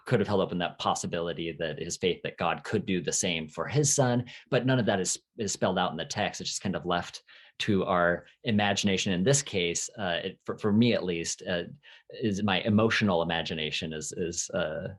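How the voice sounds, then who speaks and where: A man interviewing a rabbi, thinking aloud with many hesitations and reflective asides. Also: low voice. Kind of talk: conversational interview questions.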